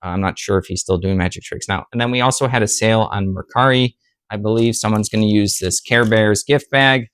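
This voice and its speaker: A man's voice: lowish voice, steady tone, a little fast, fairly bright tone, smooth, dry recording. A young man, the host of a reseller channel, chatting casually about his sales in a rambling, easygoing way with lots of fillers. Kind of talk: casual chat reviewing sales.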